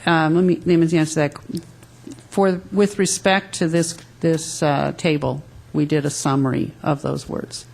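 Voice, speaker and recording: A woman on agency staff briefing a council at a public meeting, halting and often correcting herself as she explains the material. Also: deep voice, steady tone, vocal fry, a little mellow. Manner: halting, frequent restarts and self-corrections.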